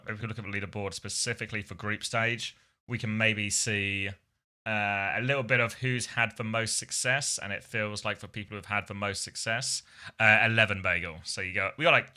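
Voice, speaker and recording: A man's voice: fairly low pitch, fairly quick, pushed and bright. A middle-aged man, chatting playfully with his live-stream viewers and laughing often. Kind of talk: casual live-stream chat.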